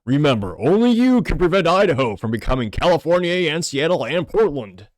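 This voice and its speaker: A man putting on a rough impression of a gruff male bear mascot, booming the lines out. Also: very animated, fairly quick, dry recording. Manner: rough put-on accent, booming.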